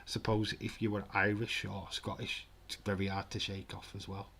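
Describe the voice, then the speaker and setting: A man's voice: on the low side, flat delivery, moderate pace, sharp tone, slight background noise. A man streaming a live football watch-along, chatting casually and rambling with frequent restarts. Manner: rambling, self-correcting, chatty.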